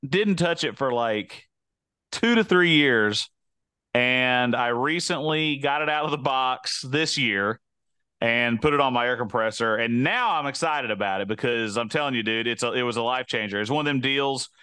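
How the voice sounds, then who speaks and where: Smooth-voiced man telling rambling stories. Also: mid-range voice, normal speed, sharp tone, no room sound. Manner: rambling, self-interrupting storyteller. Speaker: podcast co-host. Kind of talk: casual chat.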